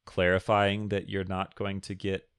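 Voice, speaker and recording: A man's voice: low voice, monotone, a little slow, fairly bright tone, smooth, no room sound. A man co-hosting a podcast, chatting casually, laughing often and reading listener questions aloud. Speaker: podcast co-host. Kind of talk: casual chat.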